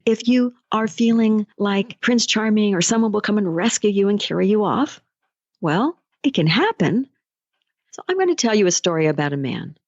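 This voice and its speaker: A woman's voice: mid-range voice, lively intonation, normal speed, no room sound, lo-fi sound. A woman life coach hosting a motivational podcast, speaking conversationally and telling stories. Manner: conversational, storytelling. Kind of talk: motivational solo podcast talk.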